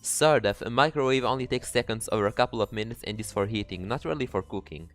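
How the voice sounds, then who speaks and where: A man playing a dating game, reading its text aloud and breaking into excitable, profane jokes. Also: fairly low pitch, fast talker, faint music behind. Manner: excitable, swearing, jokey. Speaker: let's player.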